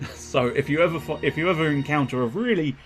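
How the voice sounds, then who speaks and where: A man chatting casually while streaming a game, joking about his own character voices. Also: a little high. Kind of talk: casual live game commentary. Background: game music.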